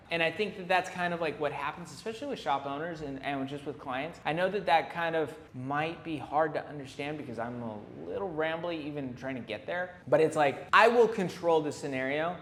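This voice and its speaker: A man's voice: on the high side, normal speed, hardly any pauses, a bit bright. A man who is a tattoo artist, hosting a casual reaction commentary in a blunt, rambling and profane manner. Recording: roomy echo with long reverb, faint hiss.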